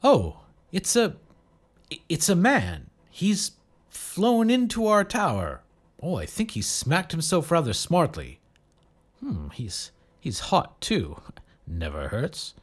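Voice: mid-range voice, wildly swooping pitch, slow, husky, pitched above the performer's own voice, full character voice. A narrator voicing a bashful, polite, somewhat fussy man. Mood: curious. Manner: proper, fussy, self-conscious.

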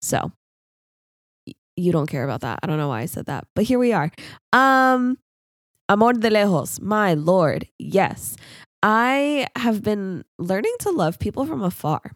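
A woman's voice: mid-range voice, big pitch swings, a little slow, no echo, clean studio sound. A young woman hosting a solo podcast, rambling casually and laughing at herself. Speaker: podcast host.

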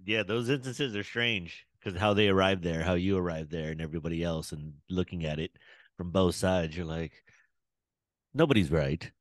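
A man's voice: deep voice, fairly even intonation, moderate pace, no echo. A man in casual podcast chat, musing and asking reflective questions.

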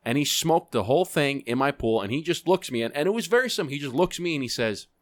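A man, a podcast guest and actor, telling cigar stories in a relaxed, unhurried way with many restarts. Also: fairly high pitch, no echo, studio quality. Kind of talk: casual storytelling.

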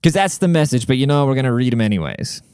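A man's voice: mid-range voice, expressive, quick pace, a little mellow, clean tone, dry recording, studio quality. A man hosting a podcast in casual, rambling chat full of swearing and filler words, giving relationship advice. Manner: profane, rambling bro-talk with filler words. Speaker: podcast host and rapper.

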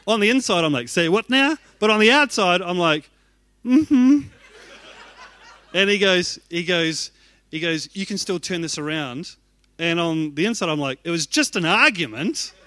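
A man's voice: high voice, pushed and bright, no room sound. A man, an executive pastor telling a self-deprecating story in a sermon and acting out his own reactions.

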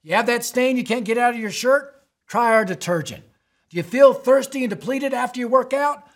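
Guy doing a southern tv ad pitchman, brash hard sell, highish raspy voice. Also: a little fast. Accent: American Southern. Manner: brash sales-pitch delivery. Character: loud male Southern TV ad pitchman.

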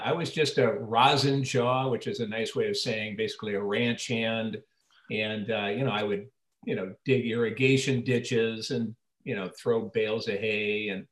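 An older man, an actor interviewed as a guest, telling long rambling anecdotes with many restarts and acting out the quoted lines. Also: mid-range voice. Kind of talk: casual storytelling interview. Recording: roomy echo.

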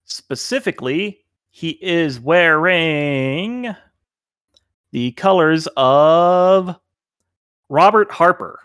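A man narrating as game master, relaxed and rambling with many fillers. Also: fairly high pitch, extremely slow, clear, resonant tone, dry recording, clean studio sound.

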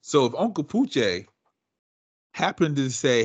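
A man hosting a podcast, talking casually, animated and teasing his guests. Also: medium pitch, normal speed, no echo. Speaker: podcast host.

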